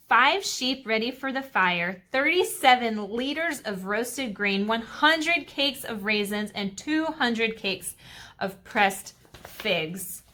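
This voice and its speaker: A woman's voice: a little high, bright, forceful tone. A woman teaching a Sabbath school lesson to kids, retelling a Bible story in a chatty way with fillers and asides.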